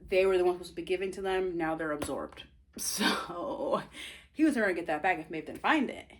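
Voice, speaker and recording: A woman talks fairly quickly in a lowish voice, with a little hiss or hum in the recording, as she retells her novel's story. She rambles and interrupts herself in a chatty, animated way, teasing viewers with asides.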